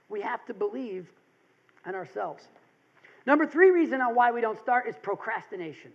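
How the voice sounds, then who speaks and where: A man with a strikingly high voice gives a motivational seminar, telling stories and briefly acting out what people said. The recording is muffled and lo-fi. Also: a little fast, breathy edge. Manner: animated storytelling, acts out quotes. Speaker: seminar speaker.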